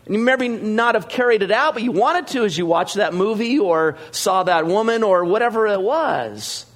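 A middle-aged male pastor preaches in a loose, chatty way, full of "uh"s and restarts. His voice sits a bit higher than most men's, and he gets lively when he acts out conversations. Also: moderate pace. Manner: conversational, many fillers, animated when retelling dialogue. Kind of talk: sermon with storytelling.

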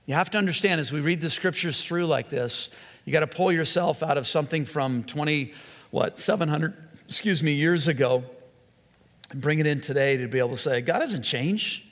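A man preaching a sermon as a pastor, earnest, stretching key phrases slowly and often restarting his sentences. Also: a little high, fairly bright tone. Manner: earnest, with slow emphatic phrases and frequent restarts. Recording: long hall reverb.

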